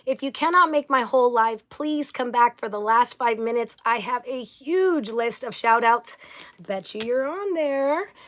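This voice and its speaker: A bubbly woman hosting a casual livestream greets her viewers by name, upbeat and gushing. Her voice is a touch high for a woman, fairly bright in tone, and she speaks in an animated but unhurried way.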